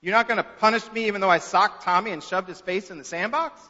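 A man voicing a pleading young boy. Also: quick pace. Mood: defiant. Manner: high, strained and loud when pleading. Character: defiant young schoolboy, later sobbing. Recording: echoey hall, dull lo-fi sound.

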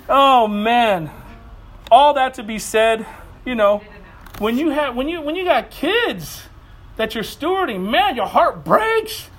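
A man in his thirties preaching a sermon, earnest and animated, telling family stories with quick asides. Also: very high voice. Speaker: pastor.

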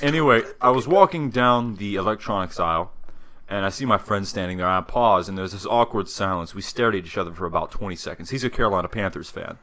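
A man co-hosting a podcast, telling anecdotes in casual chat with a teasing, deadpan manner. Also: deep voice, quick pace. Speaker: podcast co-host.

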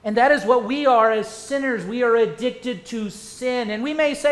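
High-voiced man preaching in an echoey church. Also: fairly even intonation, normal speed, hardly any pauses. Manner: asks many rhetorical questions, swings from loud to hushed. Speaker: pastor. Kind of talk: sermon. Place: church sanctuary.

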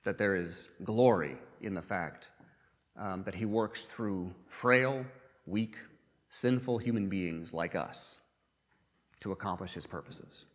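A man preaching a sermon in a conversational way, often pausing with um and uh and repeating words as he goes. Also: deep voice, big-room sound. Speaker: pastor.

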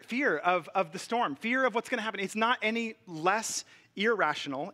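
A man preaching in a relaxed, chatty sermon voice, full of fillers and quick restarts. His voice sits high for a man and sounds bright and forward. He is a pastor in his thirties. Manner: casual, conversational preaching with many fillers and restarts.

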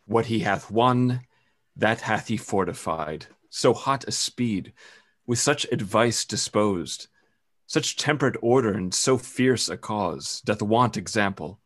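Nobleman courtier, measured and admiring, lowish voice. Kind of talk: classical stage drama.

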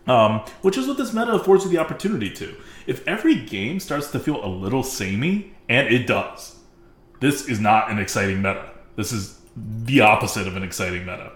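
A man with a low voice talks through a casual game podcast. His pitch swings widely as he leans into points and acts out little quotes. The room around him rings a bit. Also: a little fast, roomy sound. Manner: animated, emphatic, jumps into mock quotes. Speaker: podcast co-host.

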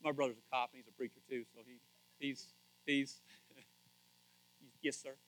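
A middle-aged male pastor preaching a sermon in a joking, animated way, acting out quotes with sudden loud shouts. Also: medium pitch, unhurried, no room sound, poor audio.

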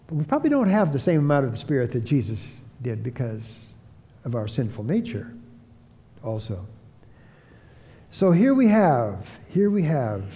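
A man's voice: medium pitch, a little mellow. A man preaching an expository Bible teaching, emphatic, often repeating key phrases for stress. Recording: long hall reverb.

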